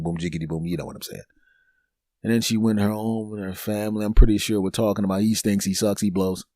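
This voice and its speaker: A man's voice: on the low side, no room sound, clean studio sound. A man hosting his own podcast, telling a funny personal story and acting out the other people in it. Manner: animated, acts out other people's voices in the story. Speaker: comedian and podcast host. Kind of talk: storytelling comedy monologue.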